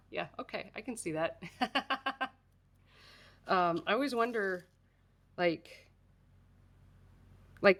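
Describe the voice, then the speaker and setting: A woman with a voice on the lower side chats casually to her live audience as she works on crafts. She talks in a loose, rambling way, laughing often and answering viewers as she goes. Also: a bit bright. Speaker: livestream host. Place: home craft table.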